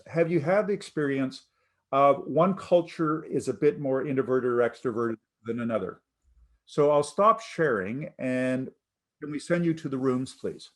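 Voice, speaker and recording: A man from Canada giving an online class lecture on a video call, chatty and self-deprecating. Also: fairly high pitch. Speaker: instructor.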